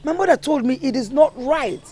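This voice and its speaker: Brief: a moralizing Nigerian mother, lively rising-and-falling delivery, earnest. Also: high-pitched, a little fast. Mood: lecturing. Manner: earnest, lecturing, pleading. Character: worried, moralizing village mother. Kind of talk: Nollywood film drama.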